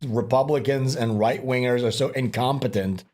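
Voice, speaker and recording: A man hosting a livestream, talking in crude, animated, ranting commentary. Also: mid-range voice, moderate pace. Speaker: streamer host.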